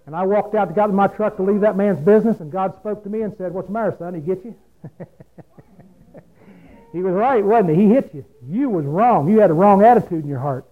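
Folksy preacher man, high voice, plain-spoken, thin phone-like radio sound. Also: brisk. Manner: folksy, plain-spoken, asks the listeners questions. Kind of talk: folksy sermon.

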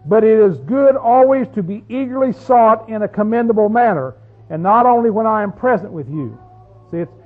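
A man preaching a sermon as pastor, folksy and conversational, often asking the congregation questions. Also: high voice. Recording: tinny phone-like sound.

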